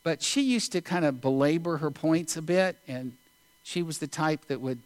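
Slow, deliberate male preacher, dry sound. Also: on the high side, animated, darkish tone, clear, resonant tone, no echo. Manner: deliberate, unhurried, with pauses. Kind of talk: sermon with storytelling.

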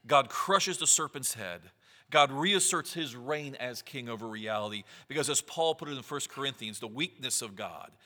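Male preacher, earnest sermon delivery, sharp bright tone, long hall reverb. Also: medium pitch, expressive, moderate pace. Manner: earnest, reads scripture aloud with rising emphasis.

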